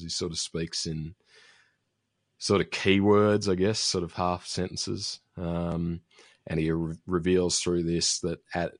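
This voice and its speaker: A man's voice: low-pitched, no echo, clean studio sound. A man casually recapping a TV episode as a podcast host, rambling with fillers and restarts. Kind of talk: casual chat.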